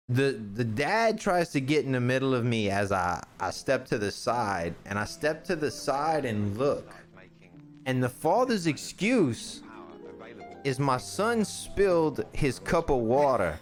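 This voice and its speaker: Animated swearing man telling a story. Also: medium pitch, unhurried, soft background music. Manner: animated storytelling, acts out the people in his story, swears freely. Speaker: storyteller guest on podcast. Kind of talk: casual storytelling on a stream podcast.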